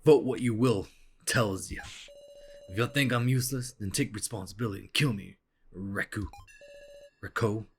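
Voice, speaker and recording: A man's voice: on the low side, moderate pace, pauses often, a little hiss or hum, close to an everyday voice. A man reading the lines of a bold young man in a game, bluntly daring the others to vote against him. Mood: defiant.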